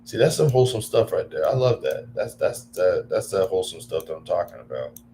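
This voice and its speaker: Man, very low voice, casual livestream talk, rambling, filler-heavy, excitable. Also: fairly quick, slight background noise.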